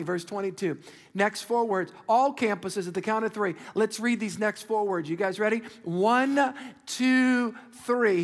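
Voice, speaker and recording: A man preaching a sermon as pastor, animated and conversational, calling out to the congregation for responses. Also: high-pitched, big-room sound. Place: large church auditorium.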